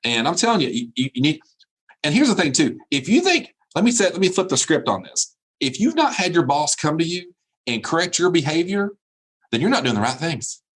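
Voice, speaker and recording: A man's voice: on the high side, sing-song, fairly quick, fairly bright tone, breathy edge. A man giving a motivational keynote by remote video call, preachy and emphatic, repeating his phrases. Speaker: keynote speaker.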